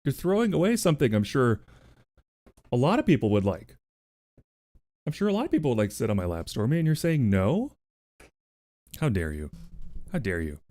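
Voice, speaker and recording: Playful swearing male streamer, lively voice. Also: medium pitch, fairly quick, pauses often, no room sound. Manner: playful, swears casually, coos at pets. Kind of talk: casual livestream chat.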